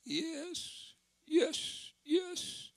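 A woman's voice: very high-pitched, expressive, extremely slow, dry recording, studio quality, pitched above the performer's own voice, exaggerated voice. A man preaching, voicing a frail, weak old woman who has been lying on a stretcher. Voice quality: weak, thin. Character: frail dying older woman rising from a stretcher.

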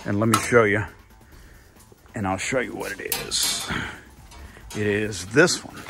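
A man's voice: on the low side, steady tone, a little slow, creaky, over music. An older man thinking aloud in a casual workshop vlog, rambling and repeating himself as he works. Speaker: car builder, channel host.

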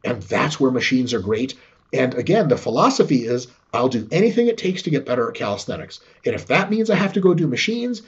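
Man guest on a podcast, lively pitch swings, husky tone, profane and playful, dull lo-fi sound. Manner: profane, acts out little dialogues. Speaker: podcast guest, sport scientist. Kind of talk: animated podcast conversation.

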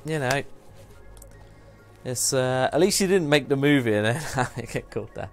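A gravelly, medium-pitched male voice with lively intonation and a moderate pace plays over soft background music. He hosts a live gaming stream, chatting casually and rambling through a tale punctuated by laughter and self-deprecating remarks.

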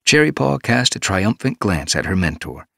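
Low male narrator, steady measured read, dead-dry booth. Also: vocal fry, no echo. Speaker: audiobook narrator. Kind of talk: scripted narration.

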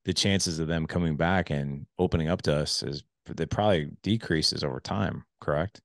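A middle-aged man hosting a casual podcast interview, telling stories with many fillers and jumping high when he quotes people. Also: normal speed, gravelly, dry recording, clean studio sound. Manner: animated storyteller, many fillers, voice jumps high when quoting. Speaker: podcast host.

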